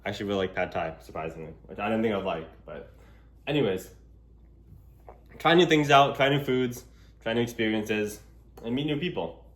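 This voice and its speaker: Walking through a public outdoor space with a gimbal camera in hand, a young man vlogs in a lowish, animated voice. He talks fairly quickly but with long pauses, rambling casually and leaning heavily on fillers.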